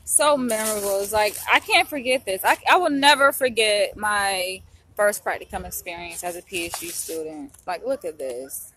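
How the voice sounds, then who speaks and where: A woman's voice: medium pitch, normal speed, a little hiss or hum. A young woman vlogger, teary after crying, talking casually and gushing emotionally. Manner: emotional, softly gushing, says "y'all" often. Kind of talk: casual vlog chat.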